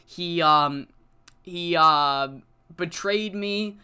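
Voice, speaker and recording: A man voicing a betrayed male wrestler who speaks in a measured, bitter way while vowing revenge. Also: a little high, pushed and bright, smooth, exaggerated voice.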